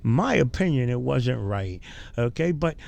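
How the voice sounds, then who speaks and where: A man's voice: medium pitch, big pitch swings, a little slow, gravelly, darkish tone. A man hosting casual commentary, rambling and mocking with frequent fillers. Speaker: commentary host.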